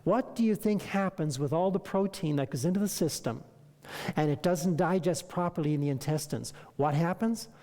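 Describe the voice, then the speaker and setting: A lecturer speaks to a room with a mellow, relaxed tone that carries a long hall reverb. The delivery is animated, full of rhetorical questions and acted-out exchanges with patients. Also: mid-range voice, normal speed. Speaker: health lecturer. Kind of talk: lecture to an audience.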